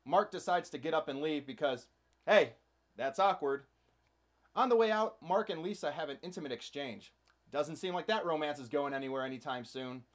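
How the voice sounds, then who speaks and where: A man's voice: on the high side, normal speed. A man hosting a comedic movie recap, narrating with sarcastic, playful asides. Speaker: host.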